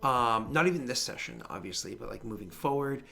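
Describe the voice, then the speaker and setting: A man's voice: medium pitch, brisk, gravelly, soft background music. A man running a tabletop game, chatting casually and telling a story with lots of swearing and acted-out reactions. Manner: animated storytelling, swears freely, acts out friends' reactions. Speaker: game master. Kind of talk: casual chat.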